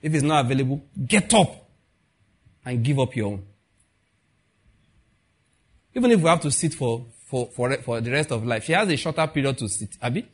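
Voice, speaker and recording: A slightly rough, medium-pitched voice at normal speed, broken by long pauses, belongs to a middle-aged man with a Nigerian accent. He preaches conversationally and animatedly, acting out quotations and asking the audience questions.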